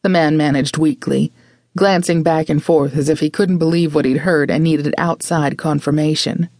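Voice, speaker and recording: Brief: woman audiobook narrator, measured and expressive, with a gravelly edge. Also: low voice, no room sound, clean studio sound. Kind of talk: scripted narration.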